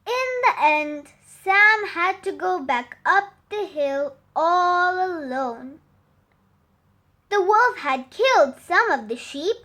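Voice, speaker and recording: A woman reading a fable aloud for children in a slow, expressive, sing-song way. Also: very high voice. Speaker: storyteller.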